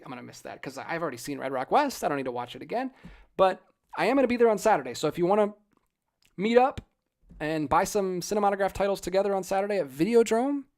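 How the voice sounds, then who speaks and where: A man in his thirties hosting a casual live stream, animated and ranting with jokey asides while reading out chat. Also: sits high. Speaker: livestream host.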